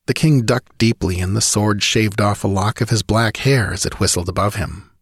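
An audiobook narrator with a fairly low, husky voice reads a dramatic adventure story with vivid, driving energy at normal speed. The sound is dry and close, with no room or echo around it.

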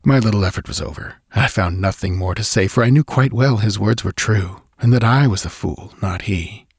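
Low-voiced man narrating a somber tale. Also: slightly rough, dry recording, clean studio sound. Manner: measured, somber first-person storytelling. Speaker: audiobook narrator. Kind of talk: scripted narration of a literary tale.

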